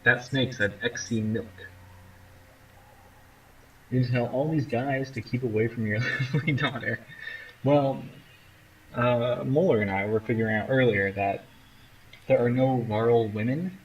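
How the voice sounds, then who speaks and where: A man's voice: mid-range voice, normal speed, muffled recording, slight background noise. A man giving casual, joking commentary while playing through a game. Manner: joking, chatty, playful asides. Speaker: gamer. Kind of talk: casual let's play commentary.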